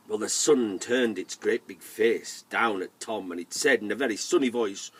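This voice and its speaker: Lively husky male storyteller. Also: mid-range voice, moderate pace, far from the mic. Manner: lively, asks the listeners to join in. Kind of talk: oral storytelling for children.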